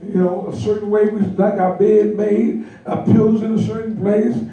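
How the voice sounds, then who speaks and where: A man preaches with a high, mellow voice, lively and laughing as he acts out the people in his stories. He sounds far from the microphone in a very echoey church hall. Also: normal speed, muffled recording. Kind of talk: sermon. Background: congregation responding.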